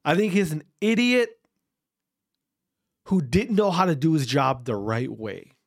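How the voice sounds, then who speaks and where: A speaker ranting straight to camera in a slow, deliberate delivery. The pitch swings widely as they hammer home repeated rhetorical questions. The tone stays blunt, with swearing for emphasis. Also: animated, gravelly. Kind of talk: opinion rant to camera.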